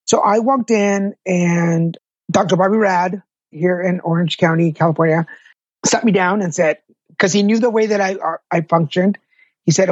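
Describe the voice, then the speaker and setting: Husky middle-aged man telling his story. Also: sits high, fairly quick, dry recording, lo-fi sound. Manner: earnest, candid, self-deprecating. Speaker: patient advocate, interview guest. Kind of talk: emotional personal storytelling.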